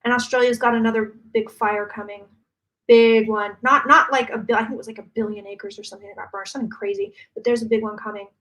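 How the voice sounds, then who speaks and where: A woman psychic channeling predictions live, talking fast and emphatically with many restarts. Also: fairly high pitch, fairly even intonation, a bit bright.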